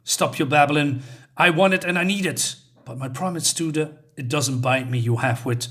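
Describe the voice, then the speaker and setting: A man reading aloud as a greedy male giant, gruff and insulting. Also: a little high, normal speed, a bit bright, lightly acted. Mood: scornful.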